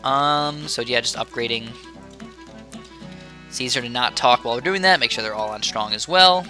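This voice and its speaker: A man's voice: medium pitch, animated, normal speed, long pauses, pushed and bright, faint music behind. A young man giving casual, chatty commentary over his strategy game, wandering into rambling asides. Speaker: gaming YouTuber.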